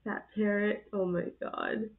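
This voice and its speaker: A woman's voice: medium pitch, huge pitch swings, a little slow, creaky. A woman hosting her channel, giggling and gushing through casual reaction commentary on clips. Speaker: channel host reacting to videos. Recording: tinny phone-like sound.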